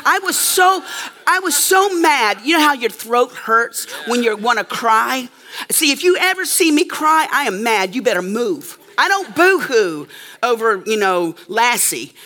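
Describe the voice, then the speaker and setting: A woman preacher with a fairly high, bright, forceful voice tells a story during a sermon to a live audience. She speaks emphatically and checks in with her listeners often.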